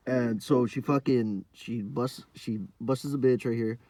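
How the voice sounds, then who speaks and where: A young man hosting a podcast, telling a rambling, profane story in a casual monologue full of fillers, sometimes dropping to a low mumble. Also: moderate pace, dark tone, no room sound. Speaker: podcast host.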